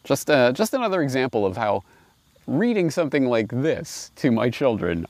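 Lively, wry man reading fables. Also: mid-range voice, normal speed, no echo. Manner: animated, wry, laughs at his own points. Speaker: host. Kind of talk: reading fables with political commentary.

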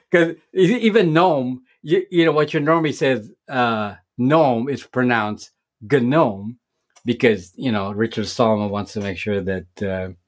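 A man speaking as a guest in an interview, talking casually about technology. His voice sits in a middle pitch, and he stumbles through restarts and repeated words while he works his way to a point. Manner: halting, many repeats and restarts. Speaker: tech video creator as guest. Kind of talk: casual explanatory interview talk.

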